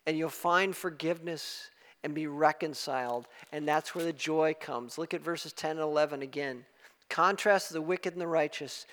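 A man preaching a sermon, emphatic and rising to loud exclamations. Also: sits high. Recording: long hall reverb.

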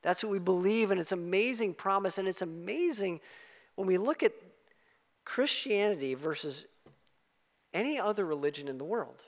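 A man preaching a sermon, emphatic and rising to loud exclamations. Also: high-pitched, lively intonation, moderate pace, long pauses. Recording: long hall reverb.

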